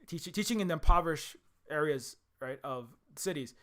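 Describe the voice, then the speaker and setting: Fast, rambling, higher-pitched man. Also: lively intonation, fairly bright tone. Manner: fast, rambling, full of restarts and fillers. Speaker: indie game developer and channel host. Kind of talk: rambling political commentary.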